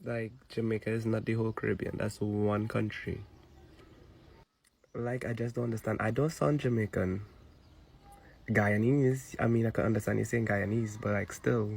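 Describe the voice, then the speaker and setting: A man's voice: on the low side, fairly even intonation, moderate pace, gravelly, darkish tone, breathy edge. A man complaining casually to camera, puzzled and mildly annoyed. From Trinidad.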